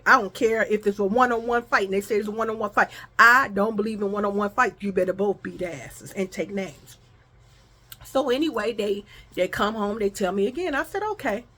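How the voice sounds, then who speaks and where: A woman's voice: medium pitch, fairly bright tone. A woman vlogger telling a story to her viewers in a casual, profane style, acting out the arguments she quotes.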